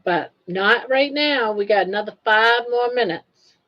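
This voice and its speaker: An older woman hosting a casual live stream, chatty and teasing, laughing often. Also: unhurried. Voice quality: froggy, low-pitched singing voice by her own account. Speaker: livestream host. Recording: dull lo-fi stream audio.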